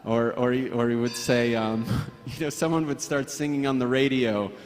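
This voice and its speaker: A man sharing personal memories at a memorial gathering, hesitant, with frequent restarts and soft laughs. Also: medium pitch, steady tone, normal speed, in a large hall, soft background music. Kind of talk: personal reminiscence.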